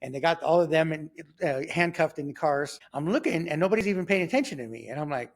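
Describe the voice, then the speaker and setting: A man, telling his own story as a guest in an interview. His voice sits a little higher than most men's, and his delivery is lively and conversational. He acts out the lines of people in the story and laughs through the wilder moments. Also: quick pace, hardly any pauses. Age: 50s.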